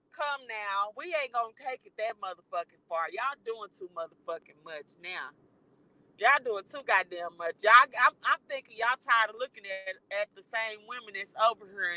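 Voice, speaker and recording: A woman's voice: a little high, expressive, normal speed, pushed and bright, no room sound, rough recording. A woman livestreaming from her car while she drives, ranting bluntly and with plenty of profanity as a commentator.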